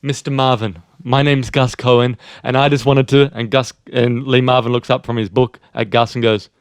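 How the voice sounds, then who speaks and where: Podcast guy telling a story, keeps restarting, mid pitch, dry close mic. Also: flat delivery, clean tone, no room sound. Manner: halting, restarts often, laughs along. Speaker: podcast co-host. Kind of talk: casual storytelling chat.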